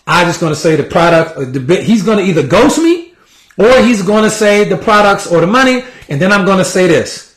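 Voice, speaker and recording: High-voiced man coaching sales. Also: animated, a little fast, a bit bright, roomy sound. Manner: casual, repetitive, acts out sample dialogue. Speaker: sales trainer. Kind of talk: motivational sales coaching talk.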